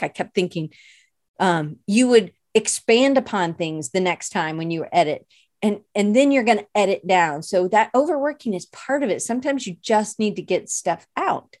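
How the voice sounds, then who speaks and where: A woman's voice: medium pitch, darkish tone, no room sound, clean studio sound. A woman hosting a podcast in casual chat, rambling and playful, often self-deprecating, with lots of "like" fillers. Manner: rambling, chatty, many "like" fillers. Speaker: podcast host and illustration teacher.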